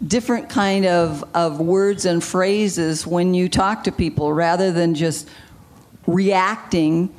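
A woman guest, a marriage counselor, giving advice in a measured way and explaining with example phrases. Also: fairly low pitch, fairly even intonation, a little mellow.

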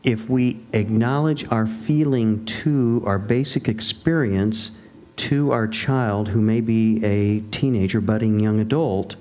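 Low-voiced man summing up calmly. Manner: measured, summarizing others' points. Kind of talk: casual discussion.

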